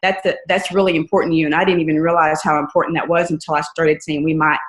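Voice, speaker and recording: A woman's voice: low-pitched, level tone, fast. A woman, giving an earnest, conversational motivational talk on a team call and often checking in with "right?". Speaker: guest speaker on a team call. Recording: echoey room.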